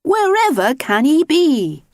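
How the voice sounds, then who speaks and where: A woman's voice: high voice, very animated, takes it slowly, darkish tone, dry recording, studio quality, pitched above the performer's own voice, heavily acted. A woman voicing a fussy, fretful elderly wife with a fluttery, exclaiming manner. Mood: worried.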